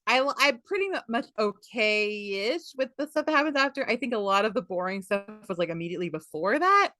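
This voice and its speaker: A woman's voice: fairly high pitch, expressive, brisk, pushed and bright, no room sound, clean studio sound, faint music behind. A woman hosting a book club podcast, retelling a story in a rambling, filler-heavy casual chat. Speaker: podcast host.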